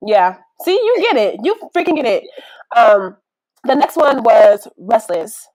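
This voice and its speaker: A young woman hosts a podcast in easy, casual chat, her voice on the high side and very close and dry. She talks in a lively way and laughs often. She slips into the voices of the people she quotes. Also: measured pace, dry recording, poor audio. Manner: animated, laughs often, acts out what others said. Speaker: podcast host. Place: indoors, with family nearby.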